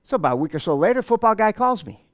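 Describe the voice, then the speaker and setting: A middle-aged man giving a storytelling presentation to an audience, animated and self-mocking, acting out the dialogue. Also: sits high, fast talker, no room sound, clean studio sound. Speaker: motivational speaker.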